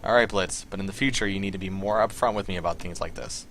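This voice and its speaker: A man's voice: sits low, quick pace, a bit bright, slight background noise. A man reading the lines of a terse male mercenary leader in short, clipped replies. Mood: dry.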